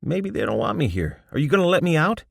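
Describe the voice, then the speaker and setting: A desperate, whiny prisoner, as a male reader puts him on, pitched far above the reader's own low voice and loud. Pleading in an audiobook, in a dry, close sound. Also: sing-song, fast, vocal fry, dry recording, heavily acted. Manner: high, pleading outbursts. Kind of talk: audiobook character voice.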